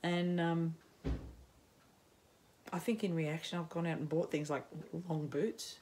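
Middle-aged Aussie woman, unhurried rambling chat, self-mocking, lots of ums. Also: sits low, fairly even intonation, a little mellow, a little hiss or hum. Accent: Australian. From Australia. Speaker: knitting podcaster. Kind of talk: casual chat to camera. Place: home, in sunshine.

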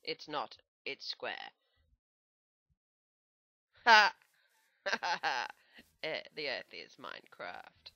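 A woman's voice: a bass voice, big pitch swings, slow pace, vocal fry, bright, forceful tone, dry recording. A young woman doing playful, joking commentary on a video game. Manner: playful, joking, self-mocking. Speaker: gameplay commentator. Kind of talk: let's play commentary.

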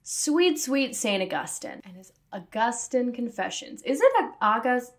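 A woman's voice: fairly high pitch, very animated, unhurried. A woman with a slightly raised voice talks to camera about her subject. She is sassy and self-aware, and she keeps throwing in jokey asides. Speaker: video essayist. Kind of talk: casual commentary to camera.

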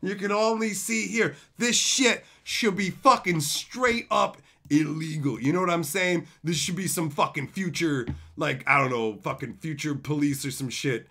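A man live-streaming as he opens card packs and reads viewer messages aloud, in profane, excitable, rambling banter. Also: fairly high pitch, unhurried, vocal fry, hardly any pauses.

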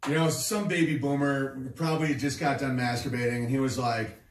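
A man's voice: medium pitch, steady tone, fairly quick, echoey room, far from the mic, slight background noise. A man hosting a comedy show, riffing in a sarcastic, crude, rambling way. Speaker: comedian host.

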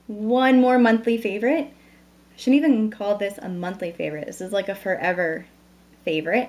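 A woman in her thirties chatting at home into a camera mic, bubbly and talkative, introducing products and a new baby. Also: medium pitch. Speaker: beauty vlogger. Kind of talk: casual vlog chat.

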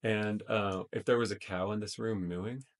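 Man, tech demo host, casual, fillers, lowish voice. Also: steady tone, normal speed. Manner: casual, tentative, many fillers.

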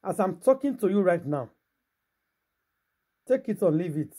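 This gossip vlogger has a Nigerian Pidgin English accent and a somewhat high, husky, dark-toned voice. Animated yet a little slow, he preaches to his viewers in a casual vlog, talking straight at them and posing rhetorical questions.

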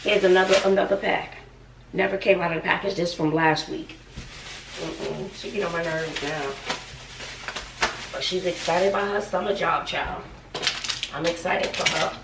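A woman's voice: lowish voice, moderate pace, pauses often, distant mic, background noise. A woman in her forties, a schoolteacher, chatting casually to viewers while cooking in her home kitchen, sassy and talkative. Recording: echoey room, voice off-mic.

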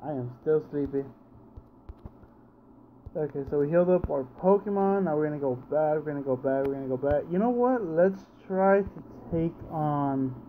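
A man's voice: fairly high pitch, phone-quality sound, a little hiss or hum. A man giving casual gameplay commentary, sleepy and yawning, groaning in frustration at misses and repeating himself. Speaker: let's play gamer. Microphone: home recording setup.

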